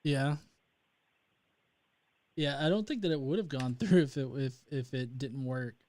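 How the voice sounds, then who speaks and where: A man's voice: medium pitch, measured pace, a little mellow. A young man from North Alabama hosting a casual livestream, rambling with many fillers and restarts. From North Alabama, USA. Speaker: livestream host.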